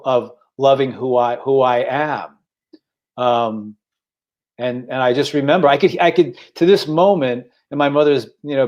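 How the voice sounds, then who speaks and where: Co-host, 60s man, candid halting storyteller on a video call. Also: mid-range voice, a little mellow, highs cut off. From Staten Island, New York. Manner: halting, repeats words, emotional. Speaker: podcast co-host.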